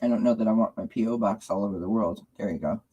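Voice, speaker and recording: A woman's voice: extremely low pitch, fast talker, mellow, husky, muffled recording. A woman hosting a live stream as a tarot reader, chatting casually and rambling with loose restarts.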